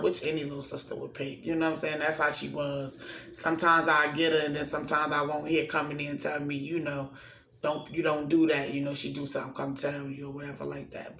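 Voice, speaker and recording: A young man in a casual, rambling personal video, talking slowly and getting emotional as he speaks. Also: on the high side, vocal fry, bright, forceful tone. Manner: casual, rambling, keeps saying "you know what I'm saying". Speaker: vlogger. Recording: echoey room with faint background hiss.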